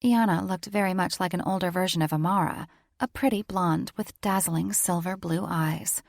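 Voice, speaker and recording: Woman reading an audiobook, kinda gravelly, measured, dry close mic. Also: on the low side, dry recording. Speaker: audiobook narrator. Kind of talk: scripted narration.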